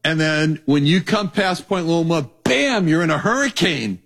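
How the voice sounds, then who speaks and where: A male Bible teacher preaching a sermon in a conversational, animated storytelling way, acting out voices. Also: fairly high pitch, measured pace.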